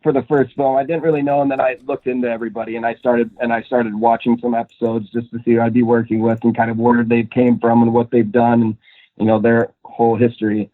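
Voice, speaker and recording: A man's voice: mid-range voice, little pitch movement, fast, no echo. A young man from Minnesota, an actor, chatting in an interview in a rambling way with lots of fillers and laughs. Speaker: actor, guest. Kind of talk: casual interview chat. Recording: tinny phone-like line, dry.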